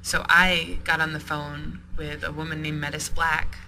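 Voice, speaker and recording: A man, a shop owner being interviewed, recounting events in a halting way with many ums and restarts. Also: on the high side, level tone, sharp tone, soft background music. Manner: storytelling with frequent ums and restarts. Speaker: sex toy store owner. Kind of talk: interview storytelling. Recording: noisy podcast recording.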